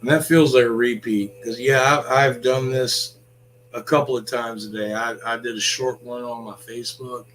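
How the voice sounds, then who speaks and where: A man's voice: mid-range voice, steady tone, moderate pace, fairly bright tone, a little hiss or hum, rough recording. A man ranting in a blunt, sarcastic vlog monologue, swearing freely. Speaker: vlogger.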